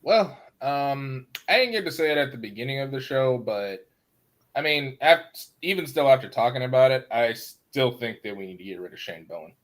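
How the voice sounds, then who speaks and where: A man talking as a podcast guest, opinionated and animated about the team's play. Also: medium pitch, moderate pace. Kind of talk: casual sports talk.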